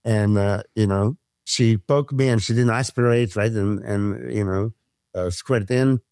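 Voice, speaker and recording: A man's voice: on the low side, unhurried, clean tone, no echo. Dry-voiced man. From Serbia. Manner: animated storyteller who swears freely and acts out quotes. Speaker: podcast guest, former pro bodybuilder. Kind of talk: casual storytelling chat.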